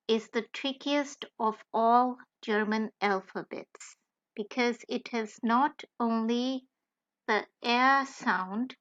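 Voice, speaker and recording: A woman narrates a beginner language lesson at a very slow, measured pace, spelling out letters with care. Her voice sits a little high. The recording is dull and lo-fi. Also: a bit bright. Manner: careful, deliberate, spells out letters one by one. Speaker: language tutor. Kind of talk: slow scripted tutorial narration.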